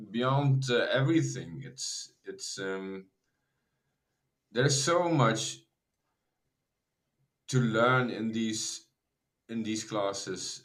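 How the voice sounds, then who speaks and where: A man's voice: mid-range voice, a bit bright, poor audio. A man sharing his impressions in a group, with stammering restarts. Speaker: group member.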